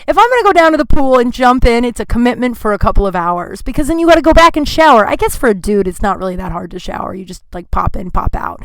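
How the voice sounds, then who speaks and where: Chatty woman podcaster, slightly high voice. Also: very animated, fast talker, hardly any pauses, no echo. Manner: chatty, heavy use of "like" fillers; grumpy, complaining tone. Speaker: podcast host. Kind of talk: casual monologue storytelling.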